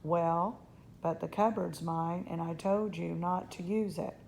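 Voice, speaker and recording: A bossy young boy, played by a woman reader, whines and insists on getting his way. The voice is pitched up from her low, gravelly tone. It has the feel of a children's book read aloud. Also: steady tone, unhurried, a little mellow, slight background noise, rough recording. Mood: possessive. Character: boastful possessive young boy.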